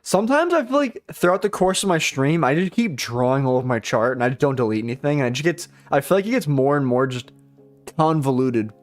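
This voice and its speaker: A man's voice: medium pitch, expressive, a little fast, soft background music. A young man trading on a live stream, rambling casually, swearing often, and poking fun at himself. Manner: rambling, profane, self-deprecating. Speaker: live-stream futures trader.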